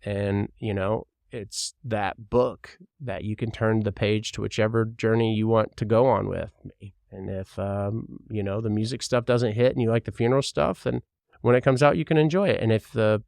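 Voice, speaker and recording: Low-voiced Kentucky podcast host rambling. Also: male voice, fairly even intonation, normal speed, gravelly, a little mellow, no echo, studio quality. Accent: mild Kentucky Southern. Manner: rambling, frank, swears casually. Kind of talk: casual solo podcast talk.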